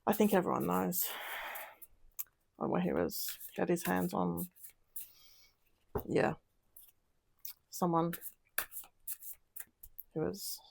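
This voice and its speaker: A woman's voice: lowish voice, slow pace, gravelly, long pauses, a little mellow, a little hiss or hum. A woman doing a casual tarot reading, talking in an upset, emotional way with sighs and trailing sentences. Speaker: tarot reader.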